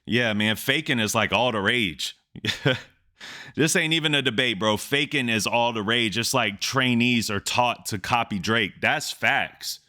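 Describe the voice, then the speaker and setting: A man hosting a music reaction channel, excitedly repeating lines and breaking them down in casual commentary. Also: medium pitch.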